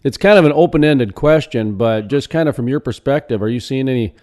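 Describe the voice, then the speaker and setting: A man's voice: medium pitch, lively intonation, a little fast, darkish tone. Rambling male radio host. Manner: rambling, restarts his questions. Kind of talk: conversational interview questions.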